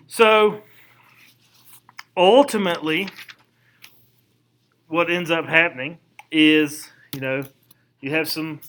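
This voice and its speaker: A male history teacher with a high, bright voice gives a recorded lesson. He explains things in a loose, chatty way and drops slangy asides as he goes. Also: low-quality recording. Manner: casual, conversational lecturing with slangy asides. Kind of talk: recorded classroom lecture.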